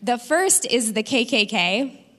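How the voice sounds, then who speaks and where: A young adult woman doing a stand-up comedy set on a theater stage, landing punchlines deadpan in an animated delivery. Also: fairly high pitch, takes it slowly, long reverb tail. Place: theater stage with live audience.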